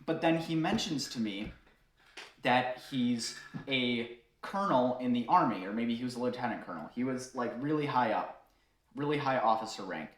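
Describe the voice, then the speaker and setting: A man recounting a story from behind the bar in an easy, chatty way, full of fillers and quick laughs. His voice sits at an ordinary middle pitch. The sound carries a roomy echo. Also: lively intonation. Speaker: bartender telling a story to viewers. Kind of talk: casual storytelling.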